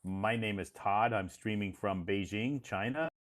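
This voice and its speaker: A man from the United States hosting a casual live stream, speaking slowly and patiently and repeating words for learners. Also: on the low side. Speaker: live stream host and English teacher. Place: home in Beijing.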